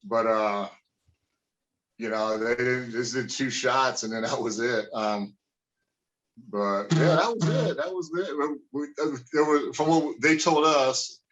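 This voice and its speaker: A man's voice: mid-range voice, slow pace, a bit bright. A man who is a former pro wrestler, telling stories from his career in a casual interview, swearing freely and rambling with lots of fillers. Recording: dull lo-fi sound.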